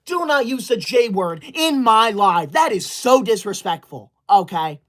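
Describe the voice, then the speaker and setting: A man's voice: sits high, expressive, a little slow, fairly bright tone. A man playing a bossy teacher's-pet streamer. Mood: indignant. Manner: indignant, scolding, self-righteous. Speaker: livestreamer character. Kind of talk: comedic skit of a livestream.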